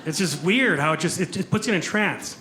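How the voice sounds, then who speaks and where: Heavy background noise fills this live comedy club recording, where a man with a high, expressive voice performs stand-up at a fairly quick pace. He jokes at his own expense and chats with the audience, whose presence is audible in the room.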